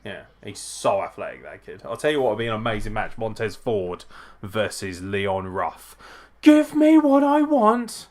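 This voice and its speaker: A man hosting a live wrestling watchalong, chatting casually, swearing and reacting excitedly to the action. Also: fairly low pitch, normal speed.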